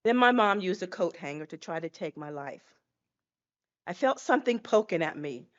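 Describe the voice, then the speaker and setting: A woman's voice: fairly low pitch, animated, normal speed, dull audio. A woman in her sixties giving a dramatic personal testimony as a guest speaker, acting out scenes as she tells them. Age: 60s.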